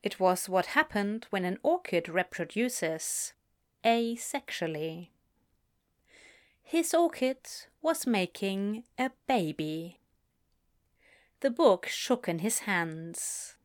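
A woman reading a story aloud as narrator, expressive and unhurried. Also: mid-range voice. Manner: slow, expressive storytelling with lively inflection. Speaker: reader.

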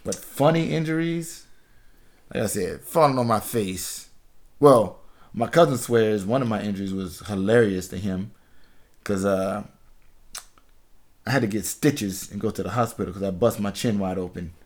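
A man's voice: on the low side, moderate pace, long pauses. A man in his thirties from Washington, D.C., a podcast host, tells a story in casual chat, swearing freely, laughing, and acting out the people in it. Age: 30s. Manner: profane, laughing, animated storyteller.

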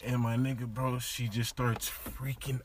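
A young man casually telling a story among friends, animated and full of slang, acting out what others said. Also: mid-range voice, unhurried, background noise.

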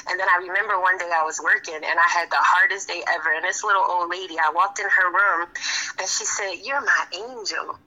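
A woman in her thirties, a nurse, tells her stories with energy and slips into the voices of her patients. Her voice sits low but cuts through with a sharp, bright edge. She sounds as if she comes through a tinny, phone-like line. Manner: animated storyteller, acts out quoted voices. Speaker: registered nurse, interview guest. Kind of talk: heartfelt conversational interview.

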